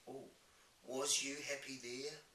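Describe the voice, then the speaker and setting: A huge soft-hearted giant , as a man reads him aloud, speaking in a slow, lifted drawl and tangled grammar from a storybook. The voice sounds bright and roomy, picked up from a distance with faint hiss behind it. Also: mid-range voice, steady tone, voice pushed up. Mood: gentle, concerned. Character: kindly huge male giant, tender and easily moved.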